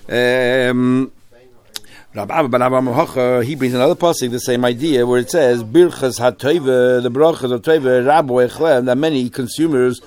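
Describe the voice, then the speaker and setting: A man's voice: medium pitch, fairly even intonation, normal speed, a little mellow, clear, resonant tone. A man leads a Talmud class in an ordinary mid-range voice. He threads Hebrew and Yiddish terms through his English explanation. He often restarts a phrase as he works through a point. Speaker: Talmud teacher.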